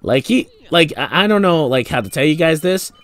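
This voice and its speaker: A man's voice: a little high, expressive, moderate pace, fairly bright tone. A young man casually commentating a video game, rambling and joking with lots of fillers. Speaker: gameplay commentator. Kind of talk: casual let's play commentary.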